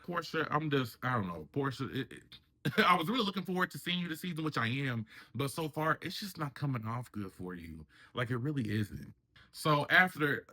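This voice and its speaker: A man's voice: medium pitch, pushed and bright. A man hosting a casual reality TV review, chatting and acting out the cast members' lines in raised voices. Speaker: reality TV commentary host.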